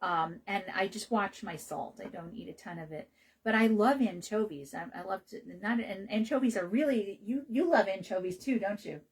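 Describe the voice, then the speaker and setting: Chatty woman naturopath with a husky voice. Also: mid-range voice, normal speed, rough recording. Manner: chatty, rambling with fillers and restarts. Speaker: naturopath radio host. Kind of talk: casual health talk.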